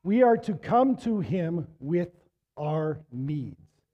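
A man's voice: a little high, very animated, slow pace, lo-fi sound. A middle-aged man preaching a sermon in a conversational storytelling way, rising to emphatic exhortation, while losing his voice. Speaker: pastor.

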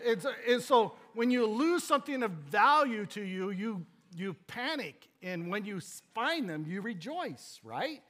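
High-voiced joking male pastor. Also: unhurried, few pauses. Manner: animated, joking, rambling with restarts. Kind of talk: sermon with personal storytelling.

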